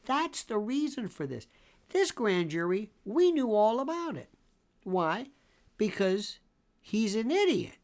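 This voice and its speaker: Older male legal pundit with a gravelly voice and a very lively, swooping delivery, emphatic and repetitive. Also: sits high, takes it slowly. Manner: emphatic, repeats phrases, swings between exclamation and muttering. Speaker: legal commentator and show host. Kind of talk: opinionated commentary.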